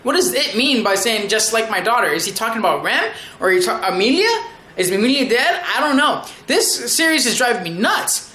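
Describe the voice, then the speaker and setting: An anime reviewer giving a casual episode recap, excitable and rambling, with frequent swearing. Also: mid-range voice, fairly quick, echoey room.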